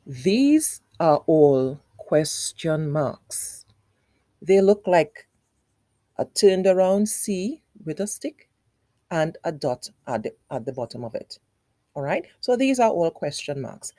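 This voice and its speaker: A woman's voice: low-pitched, big pitch swings, slow, warm tone, no room sound. A woman teacher giving a lesson to young children. She speaks directly to them, step by step and with repetition, using exaggerated, sing-song intonation. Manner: patient, explains step by step with repetition.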